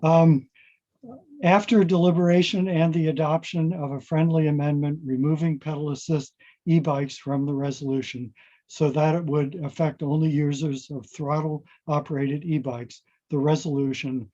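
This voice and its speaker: A man on a board reads out procedural meeting minutes in a measured way. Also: a little high, level tone, mellow. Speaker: board member. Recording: dull lo-fi audio.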